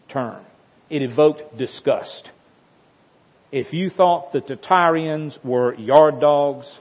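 A man preaches a sermon in a husky, slightly breathy voice, retelling the story with dramatic emphasis and insistent repetition. His voice comes through dull and muffled, and a long reverb trails behind it as if in a large church. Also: medium pitch.

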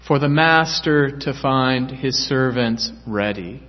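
A male pastor preaching a sermon in a church, earnest and measured. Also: medium pitch. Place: church sanctuary. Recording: echoey church hall, dull lo-fi sound.

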